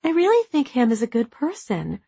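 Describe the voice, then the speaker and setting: A woman voicing an earnest young adult daughter who speaks calmly and reasons gently in an audiobook. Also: high-pitched, fairly quick, gravelly, slightly rough, no echo, pitched above the performer's own voice, heavily acted.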